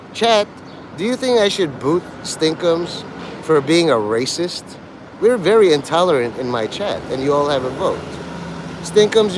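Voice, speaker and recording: A male streamer from New York City talks to his chat in an abrasive, taunting and erratic way. His pitch swings widely up and down. A faint hum of city traffic sits behind him on the street. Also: rough recording. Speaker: livestreamer talking to his chat. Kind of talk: rambling live-stream chat.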